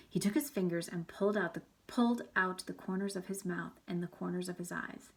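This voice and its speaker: Creaky-voiced woman reading aloud to students. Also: on the low side, a little fast, hardly any pauses. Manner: animated with hushed whispered asides. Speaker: teacher.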